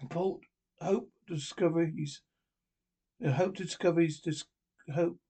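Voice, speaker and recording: A man's voice: on the high side, steady tone, normal speed, warm tone, husky. A man voicing a male news anchor reading a bulletin, stumbling and restarting his lines. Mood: formal.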